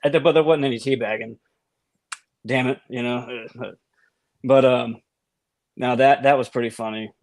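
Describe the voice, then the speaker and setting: A man's voice: medium pitch, fairly even intonation, moderate pace, pauses often, a little mellow, no room sound. Rambling man telling barracks stories. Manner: rambling with many restarts and laughs. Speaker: podcast co-host. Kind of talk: casual storytelling chat.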